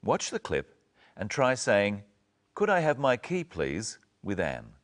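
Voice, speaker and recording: Deep-voiced man teaching clearly. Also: wildly swooping pitch. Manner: slow, clear teaching delivery. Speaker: presenter. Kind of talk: scripted language-lesson narration.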